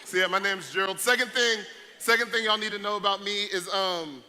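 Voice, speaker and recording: A young man speaking at a youth event jokes with and hypes up the crowd in a large event hall, his stage talk playful and energetic. His voice is high, steady, a little fast, pushed and bright, and the live recording is noisy.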